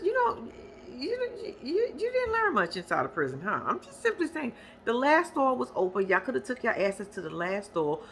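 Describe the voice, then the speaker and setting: A woman's voice: medium pitch, slight background noise. A young woman giving a sassy, slangy recap of a reality show, mimicking the cast in squealing voices. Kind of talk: casual recap commentary.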